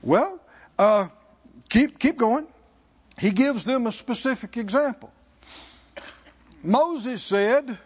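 A man preaching a sermon, asking the congregation for responses and slowing down to stress key words. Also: very high voice, lively intonation, breathy edge, dull audio. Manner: call-and-response preaching, slows for emphasis. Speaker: pastor.

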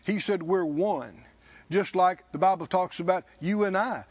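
A male preacher delivering a sermon, leading the congregation in call-and-response with slow, emphatic lines. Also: sits high, breathy edge, lo-fi sound.

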